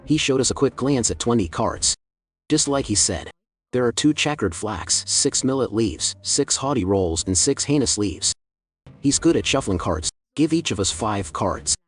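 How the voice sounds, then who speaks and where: A man narrating a comic story recap in a steady storytelling read. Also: medium pitch, normal speed, husky.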